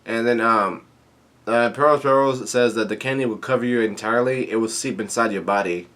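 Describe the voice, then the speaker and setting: Here the manga reader and reviewer talks at a moderate pace in a mid-range, fairly bright voice. He goes over the chapter loosely, quoting lines and stumbling through many fillers and restarts.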